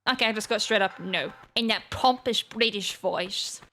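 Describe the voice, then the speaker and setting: Bright-voiced woman narrating her gameplay. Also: medium pitch, normal speed, slight background noise. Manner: chatty, self-mocking, thinking aloud with sudden exclamations. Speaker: gaming channel host. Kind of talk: casual let's-play commentary.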